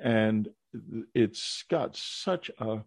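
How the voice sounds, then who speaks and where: An older man hosting an interview podcast, speaking in a measured, earnest way. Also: fairly low pitch, lively intonation, no room sound. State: hiccups. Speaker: podcast host.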